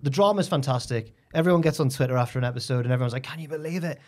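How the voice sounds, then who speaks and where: A man's voice: medium pitch, rapid-fire. A man, co-hosting a casual chat and telling stories animatedly, acting out what others said. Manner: animated storytelling, acts out quotes. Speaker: podcast co-host.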